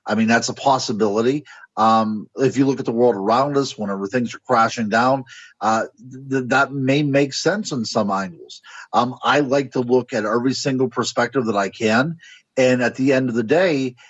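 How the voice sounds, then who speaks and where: Radio guest, American man, husky, speculative and halting, dull lo-fi sound. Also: mid-range voice, no echo. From United States. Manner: musing, speculative, searches for words. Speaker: guest author and paranormal researcher. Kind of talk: radio interview answers.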